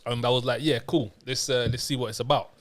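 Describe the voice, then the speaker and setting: A man's voice: medium pitch, fairly even intonation, quick pace. A man, co-hosting a casual podcast chat in a slangy, chatty way. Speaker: podcast co-host.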